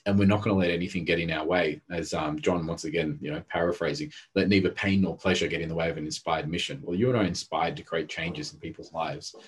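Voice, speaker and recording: A man's voice: low voice, fairly even intonation, fast talker, few pauses, breathy edge. A man, a therapist and coach, telling intense stories in a casual podcast conversation and acting out what people said. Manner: intense, storytelling, acts out quotes.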